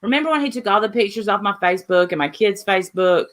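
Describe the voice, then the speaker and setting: A woman's voice: mid-range voice, lively intonation, fast talker, a bit bright. A woman hosting a casual online group chat, brash and profane, laughing often. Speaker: host of an online show.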